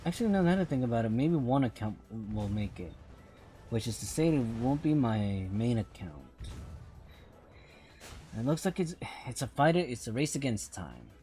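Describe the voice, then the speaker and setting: A man's voice: medium pitch, sing-song, normal speed, dark tone, soft background music. A man streaming a mobile game, rambling through casual commentary and often repeating himself.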